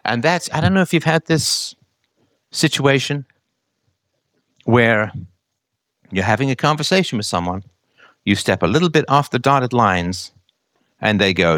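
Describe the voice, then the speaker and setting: A man talking at length in a casual, argumentative monologue, his mid-pitched voice swinging widely up and down. He presses his points with rhetorical questions. The sound is dry and close. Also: unhurried, long pauses, no echo. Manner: animated, acts out other people's voices in quotes.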